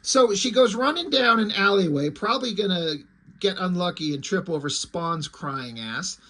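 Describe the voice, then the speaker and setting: Snarky guy trashing a comic, swears a lot, rambles, bright sharp voice. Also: high voice, animated, normal speed. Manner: sarcastic, profane, rambling. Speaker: comic reviewer. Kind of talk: casual comic review commentary.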